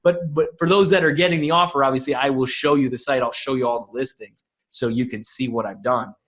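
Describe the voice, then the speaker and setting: A man talking casually as a webinar guest, fast and informal, with lots of restarts and fillers. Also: mid-range voice, steady tone, a bit bright.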